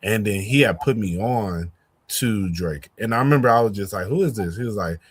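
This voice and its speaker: A young man hosting a podcast in casual chat, laid-back and drawn-out with many fillers. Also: on the low side, slightly rough.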